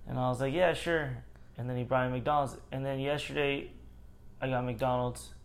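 A man's voice: mid-range voice, fairly quick. A young man co-hosting a casual podcast, telling a work story and acting out the people in it. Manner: animated storyteller, acts out quotes. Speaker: podcast co-host. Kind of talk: casual chat.

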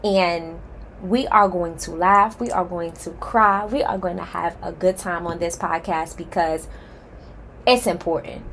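A woman hosting her own podcast speaks directly to her listeners in a heartfelt, emphatic solo introduction, calling them "y'all" and sounding nervous and excited. Her lowish, slightly bright voice is unhurried with fairly even intonation, over slight background noise.

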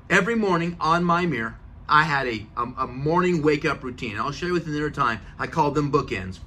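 A man's voice: fairly high pitch, pushed and bright, slight background noise. A middle-aged man hosting a motivational podcast, earnest and emphatic, repeating key phrases for effect. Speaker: podcast host. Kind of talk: motivational talk.

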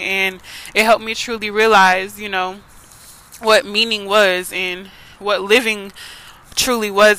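A woman's voice: medium pitch, sharp tone, poor audio. A young woman hosting a podcast, telling a personal story in an earnest, emotional way, often saying "like" and "y'all". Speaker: podcast host.

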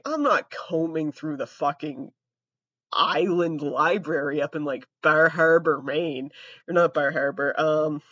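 A young adult trans comedy podcaster tells stories in a profane, rambling, self-mocking way. The voice is medium-pitched and a bit bright, captured in dull, dry lo-fi audio.

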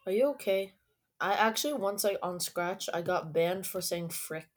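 A woman's voice: lowish voice, normal speed. A teenage girl chatting casually into an online voice recorder, teasing and bossing a younger child. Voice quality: teasing, bossy.

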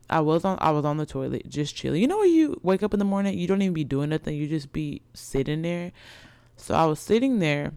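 A young adult woman telling her viewers a story in a chatty, excitable, slangy way. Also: deep voice, smooth, no room sound. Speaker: vlogger.

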